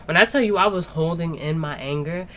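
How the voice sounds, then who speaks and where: A young woman telling a story in casual chat, animated and profane, with lots of "like" and "yo". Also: lowish voice, fairly quick, slight background noise. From Spanish-speaking background. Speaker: podcast co-host.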